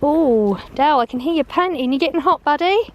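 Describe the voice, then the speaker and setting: A woman's voice: high-pitched, lively intonation, normal speed, muffled recording. A woman vlogging while walking her dogs outdoors, chatting in a rambling way, laughing often and a little out of breath, filmed on a handheld phone. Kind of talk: rambling chatty vlog on a dog walk. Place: outdoors on a walk.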